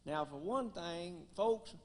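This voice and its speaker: A banjo player and comedian from Gleason, Tennessee, speaking in a thick West Tennessee Southern drawl, tells homespun jokes and folksy stories on a concert stage. His high voice moves slowly, delivering deadpan one-liners.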